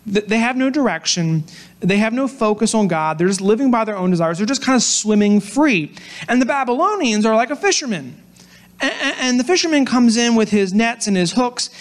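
Animated high-voiced male preacher. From Pennsylvania, US. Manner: animated storytelling, acts out quoted voices. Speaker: pastor. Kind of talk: sermon.

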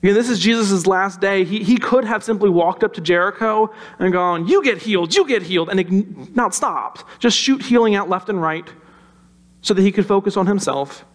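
A man preaching a sermon in a conversational, animated storytelling way. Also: high voice, moderate pace. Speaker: pastor.

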